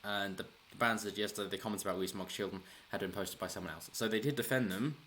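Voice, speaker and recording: A man's voice: lowish voice, fairly even intonation, quick pace, a bit bright, a little hiss or hum. A man hosting a casual solo political commentary, rambling with restarts and chuckling as he talks. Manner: rambling, frequent restarts, chuckles while talking. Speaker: political commentary channel host.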